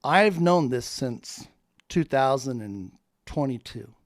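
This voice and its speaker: Man, middle pitch, dry close mic, fervent rambling preacher-like monologue. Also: lively intonation, takes it slowly, dry recording. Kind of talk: spoken monologue.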